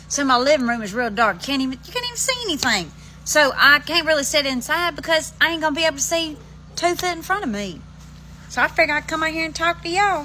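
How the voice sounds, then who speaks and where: A woman's voice: a little high, sharp tone, a little hiss or hum, poor audio. A woman with an Alabama Southern accent, chatting casually to her phone while sitting outside on her front steps, rambling in folksy country slang. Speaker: vlogger. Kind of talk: casual chat to camera.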